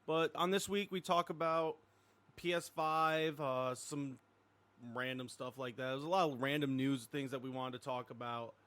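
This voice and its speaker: A man's voice: medium pitch, fairly even intonation, moderate pace, fairly bright tone. A man giving a casual episode intro for his podcast, running through topics and thanking supporters. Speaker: podcast host.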